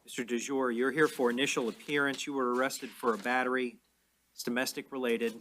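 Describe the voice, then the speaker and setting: A man presiding as judge in a courtroom, explaining orders in a measured, plain way. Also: medium pitch, flat delivery, bright, forceful tone, a little hiss or hum. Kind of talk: courtroom proceedings.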